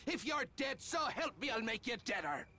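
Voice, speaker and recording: A man voicing a hostile townsman in a video game, muttering low threats. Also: big pitch swings, moderate pace, pushed and bright, heavily acted. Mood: threatening.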